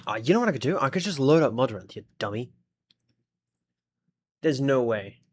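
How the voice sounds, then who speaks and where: A man's voice: medium pitch, big pitch swings, fast, darkish tone, slight background noise. An Australian man chatting casually on a live stream, thinking aloud and talking to his viewers as he sorts out his game. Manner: chatty, thinks aloud, talks to chat while fiddling with the game.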